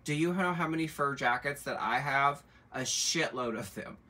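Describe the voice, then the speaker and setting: Captured from afar, this middle-aged man runs a live-streamed luxury bag sale inside a shop room, his medium-pitched voice moving at a moderate pace. Chatty and campy, he reads out viewer comments and keeps teasing his audience with sassy, animated asides.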